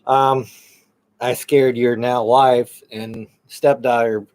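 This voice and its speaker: A man's voice: mid-range voice, little pitch movement, slow pace, a little mellow. A man with a mid-range voice chats loosely on a paranormal livestream. He rambles, laughs often and swears casually. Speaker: paranormal show co-host. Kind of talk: casual live-stream chat.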